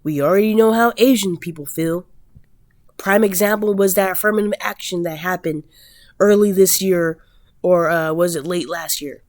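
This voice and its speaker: A woman's voice: lowish voice, normal speed, darkish tone, dry recording, clean studio sound. An American woman ranting bluntly and emphatically in a vlog, with frequent swearing. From United States. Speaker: vlogger. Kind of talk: rant.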